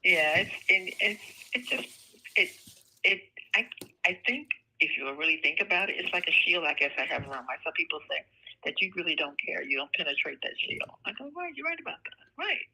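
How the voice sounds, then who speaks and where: An older woman with a soft, light voice, talking bluntly and laughing often in a casual phone conversation. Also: low voice, lively intonation, a little fast, a little hiss or hum. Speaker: home seller on a phone call. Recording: tinny phone line.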